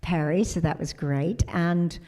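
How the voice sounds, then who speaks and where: A middle-aged woman speaking on a convention panel, with a slightly low voice. She tells her stories with energy, acting out what others said. Her talk is warm and chatty. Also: unhurried. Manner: animated storyteller who acts out quotes. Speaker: convention guest of honor.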